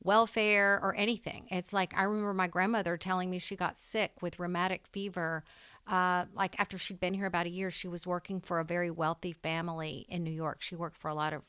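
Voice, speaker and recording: A middle-aged woman, a guest author, chatting in an interview as an animated storyteller with quick emphatic asides. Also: lowish voice, smooth, dry recording. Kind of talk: casual interview conversation.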